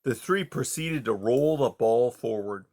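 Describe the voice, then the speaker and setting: A man with a medium-pitched voice narrates a children's novel as an audiobook reader. His storybook narration is steady and measured.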